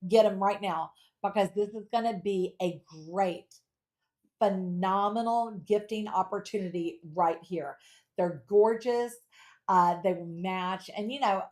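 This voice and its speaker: Selling jewelry live, this middle-aged host brings a playful, talkative energy. She addresses her viewers head-on, reads out their comments and makes the pitch feel lively and personal.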